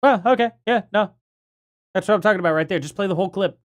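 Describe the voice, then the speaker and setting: A man hosting a livestream, reacting to clips in a musing, halting way full of fillers. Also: high-pitched. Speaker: livestream host. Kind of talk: live reaction commentary.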